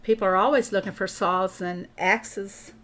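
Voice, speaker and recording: A woman's voice: mid-range voice, steady tone, normal speed, fairly bright tone. A woman chatting casually while she plays a farming game on stream, thinking aloud and answering viewers. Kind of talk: casual gameplay commentary.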